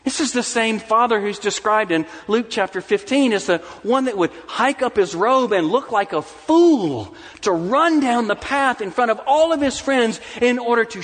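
High-voiced male pastor in a big reverberant hall. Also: breathy edge. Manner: swings from soft intimate asides to rising, emphatic declarations. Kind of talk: sermon. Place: church sanctuary.

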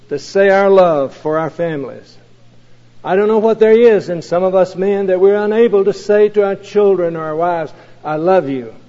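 A man preaching an earnest sermon as a pastor, slow and measured, leaning on key phrases. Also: high voice, warm tone. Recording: dull lo-fi recording with long hall reverb.

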